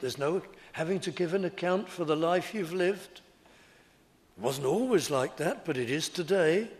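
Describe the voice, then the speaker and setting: A man preaching a sermon in slow, deliberate, repetitive phrases. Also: on the high side.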